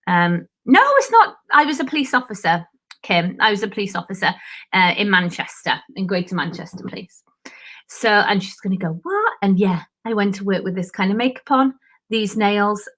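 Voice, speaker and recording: A chatty woman talks through goal setting as a coach, her voice bright and forward. She speaks in an animated, casual live-stream way and laughs often. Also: mid-range voice.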